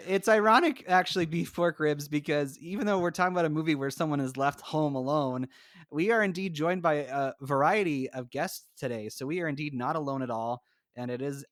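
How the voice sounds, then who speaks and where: A man's voice: a little high, a bit bright, no echo, studio quality. A man hosting a casual podcast from home, chatty, introducing guests with rambling asides. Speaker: podcast host. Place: home, recording remotely.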